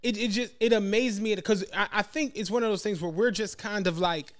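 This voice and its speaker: A man's voice: high-pitched, fairly even intonation, brisk. A man from Philadelphia, a podcast co-host, chatting casually and telling long stories, acting out what other people said. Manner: rambling storyteller, acts out others' quotes.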